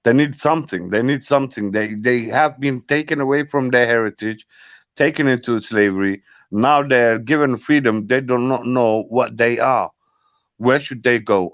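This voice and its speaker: A man in casual chat, talking in a dismissive, repetitive, halting way. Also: medium pitch, dry recording, muffled recording.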